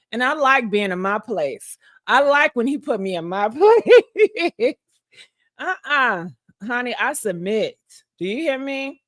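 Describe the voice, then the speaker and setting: A woman's voice: fairly high pitch, a bit bright, dry recording, clean studio sound. A woman host in casual live-stream chat, sassy and laughing often, drawing out her words.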